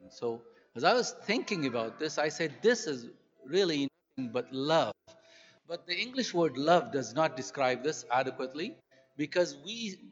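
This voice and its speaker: A man's voice: on the high side, fairly bright tone. A man preaching an earnest sermon, often restarting his sentences. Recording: dull echoey hall.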